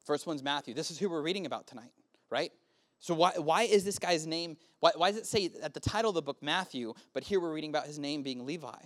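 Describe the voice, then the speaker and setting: This youth sermon comes from a pastor in his early thirties who talks fast in a fairly high voice with lively intonation. He keeps it casual, often quizzing the room with questions.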